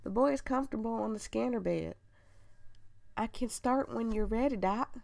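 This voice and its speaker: A woman's voice: a little high, moderate pace, gravelly, darkish tone, pitched above the performer's own voice. A woman voicing a cheerful male nurse with a put-on Southern US country accent in a game playthrough. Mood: folksy.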